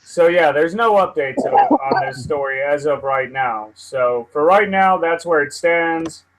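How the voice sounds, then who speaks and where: A man's voice: a little high, sing-song, measured pace, crowd noise, low-quality recording. A man hosting a casual live news stream, swearing and venting at his computer as he rambles. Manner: profane, easily frustrated, rambling. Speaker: livestream host.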